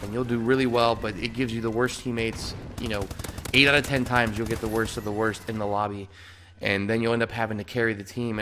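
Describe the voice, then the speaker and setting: A man's voice: mid-range voice, background noise. A young man hosting a gaming channel, ranting in casual gameplay commentary with lots of fillers and swearing.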